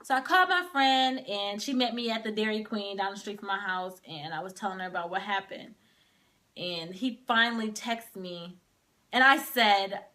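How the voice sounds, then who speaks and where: Bright-voiced young woman telling her story. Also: mid-range voice, moderate pace. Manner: casual, heavy use of "like", emotional retelling. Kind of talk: personal storytelling to camera.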